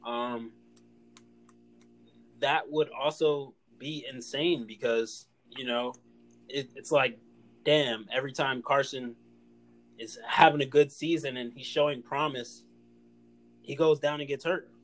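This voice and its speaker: A man, co-hosting a casual sports chat, animated and full of restarts. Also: mid-range voice. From Philadelphia area. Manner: animated, talks fast with repeated restarts. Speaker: podcast co-host.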